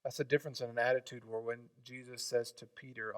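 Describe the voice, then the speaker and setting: A man preaching a sermon, swinging from loud emphatic lines to quiet hushed ones. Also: mid-range voice, flat delivery, normal speed, dry recording, recorded from a distance. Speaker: pastor.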